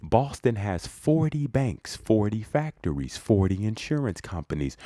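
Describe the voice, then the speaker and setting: A man's voice: low-pitched, expressive, measured pace, hardly any pauses, mellow, no echo. A man reading an old speech aloud, stopping for dry, wry asides and reading out the crowd's reactions. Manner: dry, wry asides between quoted passages. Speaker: reader.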